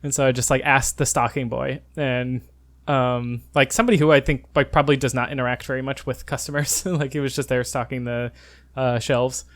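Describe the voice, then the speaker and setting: A man's voice: medium pitch, little pitch movement, a little fast, fairly bright tone. A man in his twenties co-hosting a podcast, telling rambling travel stories full of fillers and frequent laughs. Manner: rambling storyteller, laughs often, many fillers. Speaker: podcast co-host. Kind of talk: casual chat.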